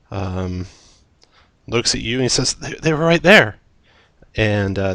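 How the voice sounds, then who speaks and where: A man's voice: on the low side, dry recording. A man running a tabletop game as dungeon master, narrating scenes descriptively with occasional fillers.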